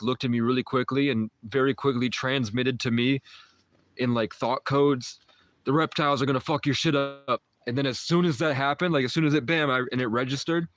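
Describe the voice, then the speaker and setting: A man's voice: medium pitch, no echo. A young man hosting a live stream, telling a rambling story to his chat and filling it with "like" and restarts. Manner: rambling, uses "like" often, trails off and restarts. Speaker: livestream host.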